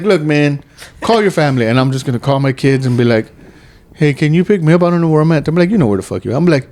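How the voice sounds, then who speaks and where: A man's voice: a little high, lively intonation, fast, darkish tone. A man in his thirties hosting a podcast, rambling and joking with heavy swearing in casual chat. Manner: profane, rambling, jokey. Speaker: podcast host.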